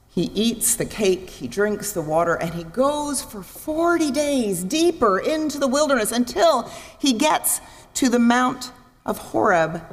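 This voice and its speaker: A woman preaching a sermon in a church, expressive, acting out voices and asking her listeners questions. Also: a little high. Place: church sanctuary. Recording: long reverb in a large hall.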